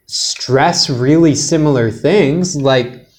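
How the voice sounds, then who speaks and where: Joking podcast host, slightly high voice. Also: male voice, slow, a little mellow. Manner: jokey, rambling with many "like"s. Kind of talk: casual podcast chat.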